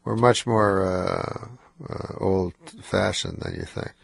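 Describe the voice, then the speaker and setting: A man guesting on a radio show, talking in a nasal, low, slightly slurred voice, dry and hesitant, tired and stuffed up from cold medicine. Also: steady tone, slow pace, gravelly, husky, no echo. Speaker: comedian guest. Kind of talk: casual radio interview. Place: radio studio.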